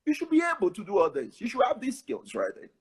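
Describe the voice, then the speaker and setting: Male professor, husky voice, lively swings, repeats himself. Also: high-pitched, fast talker. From Nigeria. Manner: animated, repetitive, laughs often. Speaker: professor giving advice. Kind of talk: casual advice talk.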